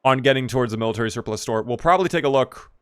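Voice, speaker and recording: A man from Maryland, on the US East Coast, races through his words in a clear, resonant, medium-pitched voice that's a bit bright. He's streaming a game live, casually chatting and answering questions from chat.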